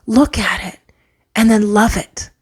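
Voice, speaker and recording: A woman giving an earnest spiritual tarot reading, a parent who often drops into soft whispers for emphasis. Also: medium pitch, fairly even intonation, unhurried, husky. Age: adult, parent of a child. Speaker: tarot reader. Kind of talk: spiritual pick-a-card reading.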